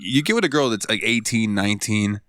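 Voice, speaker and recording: A man's voice: on the low side, expressive, a little fast, fairly bright tone, no room sound, studio quality. A man in his thirties co-hosting a podcast, talking crude, profane, jokey banter full of slang. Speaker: podcast co-host.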